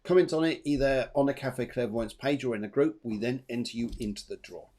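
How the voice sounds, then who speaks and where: A man's voice: mid-range voice, brisk. Chatty psychic man. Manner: chatty, animated, laughs often. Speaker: medium and show host. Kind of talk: live psychic readings.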